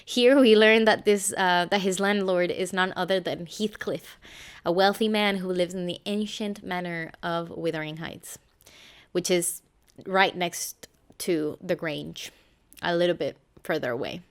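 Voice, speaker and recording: Low, smooth-voiced woman reviewing a novel. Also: fairly even intonation. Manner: measured, reading from a script. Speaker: book reviewer. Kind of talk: scripted book review.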